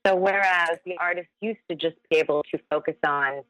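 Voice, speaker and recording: A woman's voice: on the low side, brisk, a bit bright, no echo, poor audio. A woman, a singer and actress, chatting as a podcast guest in an upbeat way and laughing often. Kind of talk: casual interview chat.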